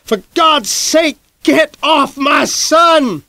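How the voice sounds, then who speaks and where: A man voicing a desperate father who shouts and pleads, strained and high, to pull his trapped son from a sinking car. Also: fairly even intonation, unhurried, smooth, dry recording, studio quality. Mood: frantic shouting.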